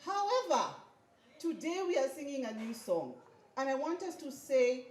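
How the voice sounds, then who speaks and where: Speaking at a graduation before an audience, this woman sounds high, very animated, and a little mellow, moving at a moderate pace through a motivational speech with call-and-response chants. Sound bounces around the echoey hall.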